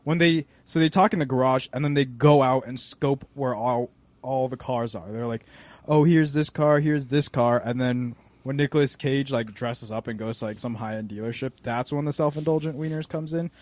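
A man's voice: mid-range voice, brisk, dry recording. Young man in a dry, close room. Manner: relaxed, rambling with "like" fillers. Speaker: podcast co-host. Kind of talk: casual movie review chat.

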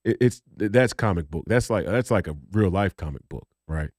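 Male podcast co-host, low and lively, swears and restarts, dry close sound. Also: normal speed, no echo. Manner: heated, rambling, profane, many restarts. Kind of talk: casual political chat.

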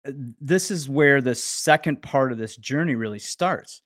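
A male podcast host speaking in a calm, measured way as he wraps up an interview. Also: mid-range voice, no room sound, clean studio sound. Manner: calm, measured, listening with short affirmations. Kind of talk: interview hosting.

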